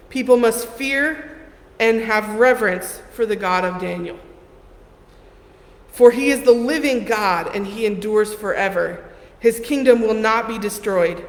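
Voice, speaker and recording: A woman preaching a sermon in a conversational way, playfully acting out the Bible figures in short bursts. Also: medium pitch. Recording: echoey hall with long reverb and faint noise.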